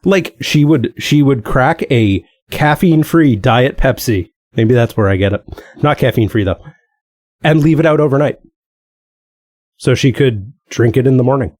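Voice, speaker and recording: A man's voice: medium pitch, normal speed, a little mellow, no echo, clean studio sound. A man co-hosting a podcast in casual chat, rambling with lots of "like" and frequent laughs. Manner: rambling, laughs often, many fillers. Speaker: podcast co-host.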